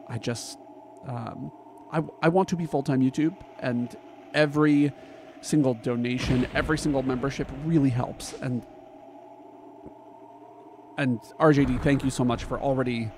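A man streaming a game, chatting casually and gushing emotionally over his viewers, with halting restarts when earnest. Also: mid-range voice, a little mellow, a little hiss or hum.

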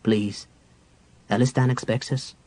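A man voicing a composed young dark elf mage who speaks quietly and with measure in an audiobook. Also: mid-range voice, fairly even intonation, unhurried, natural voice. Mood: cool.

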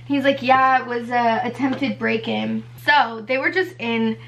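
A young woman vlogger telling a personal story in a casual storytime style, animated and full of fillers, acting out what people said. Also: on the high side, vocal fry, muffled recording, slight background noise. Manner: animated, fast-paced retelling with many fillers and acted-out quotes.

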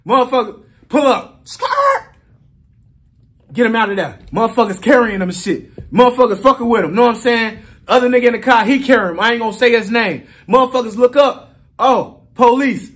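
A man's voice: extremely high pitch, expressive, normal speed, fairly bright tone. A man telling a swaggering street story as an interview guest, acting out other voices and sound effects. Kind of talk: casual storytelling.

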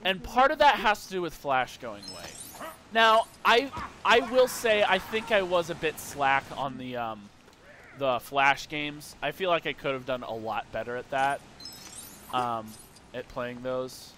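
A man's voice: medium pitch, very animated, a little slow, bright, forceful tone, slight background noise. A young man casually commenting while playing a video game, rambling and wistful with sudden playful outbursts. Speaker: gameplay streamer.

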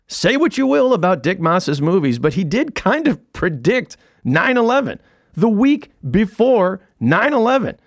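A man's voice: high voice, very animated, a little slow, no echo. A middle-aged man, an author and comedian, reads his own book as comedic audiobook narration, with a wry, dry storytelling manner and punchline timing, close to a studio mic. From United States. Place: recording studio.

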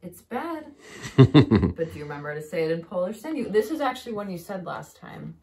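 A woman's voice: lowish voice, sing-song, a little fast, warm tone, breathy edge. A woman who owns a cat talks to it in playful, sing-song baby talk as she teaches it words in a casual home vlog. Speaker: cat owner teaching her cat.

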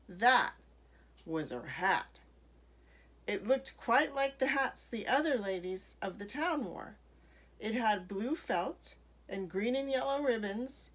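Brief: woman storyteller, unhurried picture-book read-aloud, bright and lively. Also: fairly high pitch. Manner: expressive, slow read-aloud.

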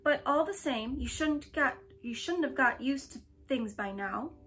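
A woman reading aloud, voicing a calm, sensible middle-aged farm wife who speaks eagerly and matter-of-factly. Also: high voice, unhurried.

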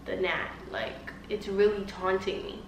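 A young woman vlogs at home, chatting casually and bubbly straight to her viewers, with a medium-pitched voice, lively intonation and a measured pace. Her phone sits on a tripod a bit off-mic, so the home audio sounds roomy and distant, with heavy background noise.

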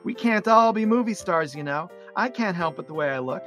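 Man reading a small fussy boy, pitched up, prone to indignant outbursts. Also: big pitch swings, normal speed, soft background music. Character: small boy, thoughtful, touchy fanatic.

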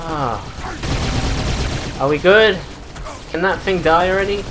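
A woman doing gameplay commentary, swearing constantly and swinging between furious yelling and low muttering. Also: animated, a little slow, long pauses. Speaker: gamer playing a shooter. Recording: loud game noise behind the voice. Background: game gunfire and ambience.

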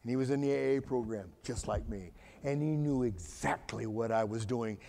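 A man with a mid-range, dark voice and some vocal fry speaks at a moderate pace, with slight background noise. As a guest speaker in a church sanctuary with echoing hall reverb, he shares his testimony in a folksy, colloquial manner.

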